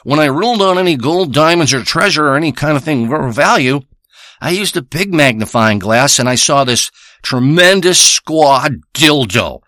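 A man's voice: on the high side, animated, moderate pace, pushed and bright, no room sound, studio quality. A man playing a crude, rambling male treasure hunter who boasts and swears through a comic monologue. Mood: boastful. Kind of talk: improvised comic character monologue.

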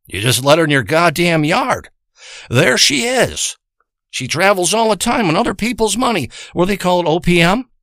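A man's voice: high voice, big pitch swings, moderate pace, a bit bright, no echo, studio quality. A man delivering a crude, heavily profane comic rant full of warnings to the listener.

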